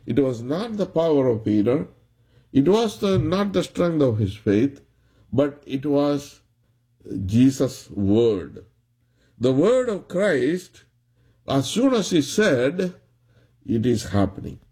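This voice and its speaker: A man preaching a sermon, retelling a story in a slow, halting way with many restarts. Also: mid-range voice, very animated, warm tone, husky.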